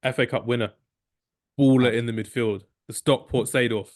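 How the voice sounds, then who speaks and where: A chatty man talks football with a co-host. His delivery is casual and jokey, full of quick asides, and his pitch sits in a normal middle range. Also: fairly even intonation. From England. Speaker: podcast co-host.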